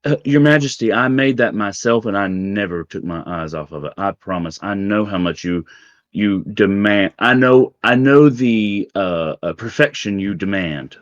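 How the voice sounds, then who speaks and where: Brief: man playing a cool, exacting woman bartender, measured and stern, dry dull sound. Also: fairly low pitch, no echo, lightly acted.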